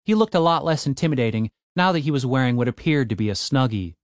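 Brief: male audiobook narrator, animated intonation, dry close recording. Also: medium pitch, quick pace, dry recording.

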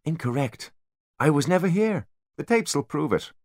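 A man voicing a calm, calculating teenage boy genius with a smug, measured delivery in an audiobook. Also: on the high side, no echo, clean studio sound, pitched above the performer's own voice.

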